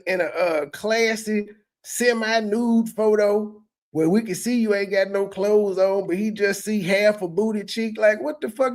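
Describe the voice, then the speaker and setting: A man's voice: high-pitched, measured pace, a little mellow. A man hosting a reaction commentary, talking in a profane, mocking way as he rants. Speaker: commentary host.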